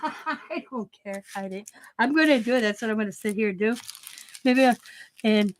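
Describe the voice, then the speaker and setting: A woman's voice: a little high, moderate pace, slight background noise. A middle-aged woman hosting a crafting channel, chatting casually, laughing often and breaking off to restart her sentences.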